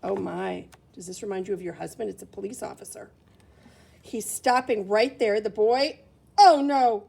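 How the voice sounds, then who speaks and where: A woman reading a picture book aloud to children in an animated, exclaiming teacher's manner, pausing to talk about the pictures. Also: mid-range voice, vocal fry, husky. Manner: animated, exclaiming, talks to a helper. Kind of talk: expressive read-aloud for kids.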